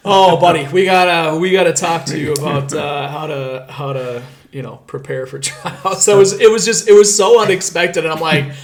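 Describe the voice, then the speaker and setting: Podcast guest coach, a man with a fairly high voice, chuckling storyteller. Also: normal speed, over a noisy crowd. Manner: laughing, lively storyteller. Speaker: youth soccer coach. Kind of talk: casual podcast chat.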